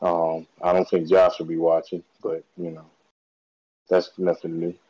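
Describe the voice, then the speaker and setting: Mellow-voiced man, slangy and excitable. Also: low-pitched, unhurried. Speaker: podcast co-host. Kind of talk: casual chat about anime. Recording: dull lo-fi recording.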